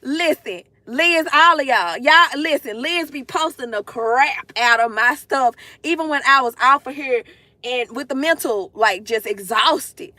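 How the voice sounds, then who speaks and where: A woman's voice: sits high, expressive, measured pace, pushed and bright, no echo. A woman chatting emotionally to her livestream viewers from her car, gushing and close to tears. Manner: gushing, emotional, addresses chat directly. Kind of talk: casual livestream chat to viewers. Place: in a parked car.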